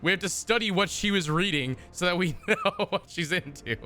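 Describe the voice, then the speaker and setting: A man's voice: high-pitched, sing-song, measured pace, pushed and bright, soft background music. A man streaming a game, reading its text aloud and joking with chat in a casual, profane, mock-exasperated way from his desk.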